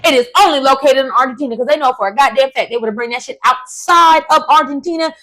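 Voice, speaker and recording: A woman hosting a casual commentary vlog, ranting in an emphatic, profane and animated way. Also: sits high, quick pace, low-quality recording. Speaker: host.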